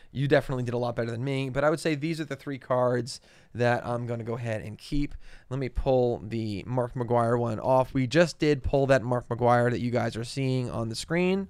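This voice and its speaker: A man's voice: medium pitch, clear, resonant tone, dry recording. A man co-hosting a card-collecting show, chatting casually and naming cards as he opens packs. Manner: easygoing, lots of fillers, names cards aloud. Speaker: co-host opening card packs. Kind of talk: casual chat.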